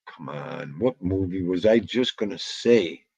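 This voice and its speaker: A man's voice: deep voice, expressive, unhurried, gravelly, darkish tone, breathy edge, no room sound. A man hosting a casual livestream, rambling about old movies, muttering asides to himself and greeting chat. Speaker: livestream host.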